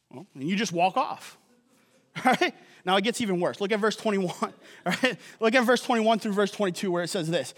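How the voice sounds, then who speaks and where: A man's voice: sits high, sing-song, normal speed, fairly bright tone. A man preaching a sermon as a pastor, conversational and joking, often checking in with the congregation by asking "right?". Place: church auditorium. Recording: long hall reverb.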